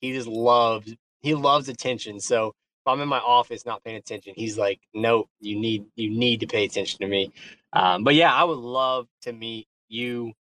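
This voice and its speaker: A man talking loosely on a group call, often stumbling and repeating himself as he thanks people. His pitch sits in the middle, and a faint hum of ambience runs behind him. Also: steady tone, moderate pace, a bit bright. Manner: hesitant, repeats words, effusive. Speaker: guest on a community call. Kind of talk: casual chat.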